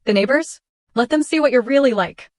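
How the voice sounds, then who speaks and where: A woman's voice: sits high, brisk, no echo, clean studio sound, voice pushed up, lightly acted. A woman voicing a cruel young husband in a storytime reading, snapping and scornful.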